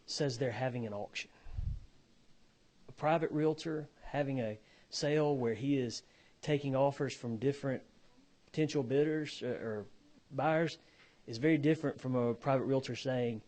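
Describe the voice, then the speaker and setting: A man giving committee testimony as an auctioneer, halting and repeating words as he explains. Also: mid-range voice, darkish tone.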